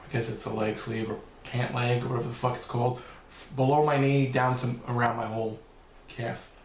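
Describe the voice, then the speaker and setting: A man's voice: mid-range voice, level tone, fairly quick, reverberant, a little hiss or hum. A man answering viewer questions in a loose, rambling vlog, swearing now and then. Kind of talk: casual Q&A vlog.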